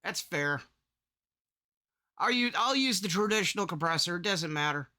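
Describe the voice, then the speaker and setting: Bright, high-pitched man explaining audio levels. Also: lively intonation, normal speed. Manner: rambling, restarts often, demonstrates his loudness levels. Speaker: content creator explaining audio setup. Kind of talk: casual screen-recorded tutorial.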